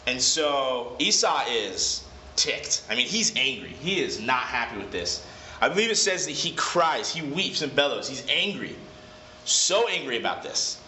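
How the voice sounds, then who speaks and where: A man leads a casual Bible lesson in a chatty, digressive way and corrects himself as he goes. His voice is bright and clear-toned. The recording is echoey and a bit dull, with faint noise underneath. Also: medium pitch, big pitch swings, unhurried. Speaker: Bible study leader. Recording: echoey room, slightly dull.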